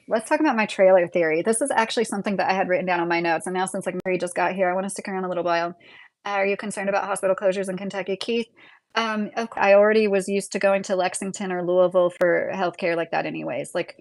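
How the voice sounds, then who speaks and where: A woman's voice: mid-range voice, gravelly, dry recording. A woman with a Midwestern American accent hosting a casual livestream, rambling and answering viewer comments with lots of fillers. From United States. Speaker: livestream host.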